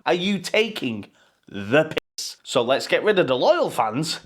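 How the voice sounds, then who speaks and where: Sweary fan ranting. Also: male voice, fairly high pitch, very animated, a little slow, fairly bright tone. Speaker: football fan vlogger. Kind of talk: pre-match fan vlog rant.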